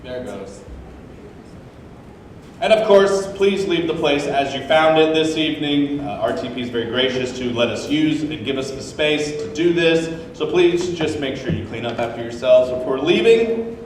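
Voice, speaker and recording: A man's voice: a little high, animated, moderate pace. Joking emcee man in an echoey hall. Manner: upbeat, joking. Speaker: event host. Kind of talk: live event emcee remarks. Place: large open ground-floor hall. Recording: echoey hall, mic far off, faint room noise.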